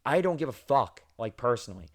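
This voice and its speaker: A young man hosts a casual podcast, telling his stories in a loose, animated way with plenty of swearing. His voice sits at an ordinary middle pitch for a man. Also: brisk, no room sound, clean studio sound. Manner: profane, animated storyteller. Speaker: podcast host.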